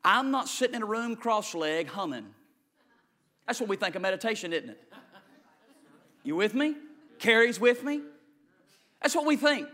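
High bright-voiced shouting preacher man. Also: animated, moderate pace, pauses often. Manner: preaching, swings from loud shouting to low quiet asides. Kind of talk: energetic sermon.

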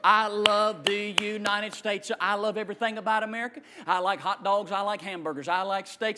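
A man preaching a sermon as pastor, swinging from shouted declarations to hushed asides. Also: sits high, steady tone, quick pace, hardly any pauses, slight background noise.

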